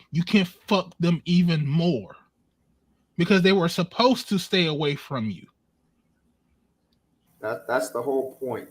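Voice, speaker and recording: Emphatic man with echoey sound. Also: on the high side. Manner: emphatic, profane advice-giving. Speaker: host. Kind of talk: casual chat.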